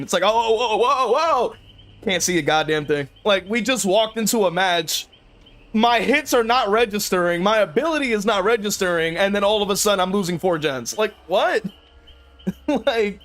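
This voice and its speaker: A man's voice: high voice, fairly bright tone. A young man streaming a game, talking casually to chat, often exasperated, swearing and laughing. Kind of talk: casual livestream commentary.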